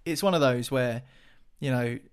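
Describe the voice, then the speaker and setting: A man's voice: mid-range voice, normal speed, clear, resonant tone. Male football pundit, casual chatter full of fillers, mid-range voice. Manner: chatty, many restarts and fillers.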